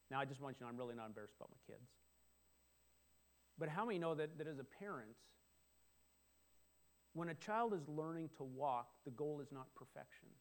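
A middle-aged man preaching a sermon, talking in a conversational way with restarts and sudden excited exclamations. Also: medium pitch. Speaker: pastor.

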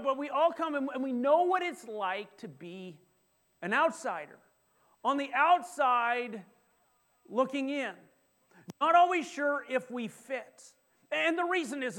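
A middle-aged male pastor preaching a sermon in a church, lively and joking, often asking the congregation questions. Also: high voice. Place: church sanctuary.

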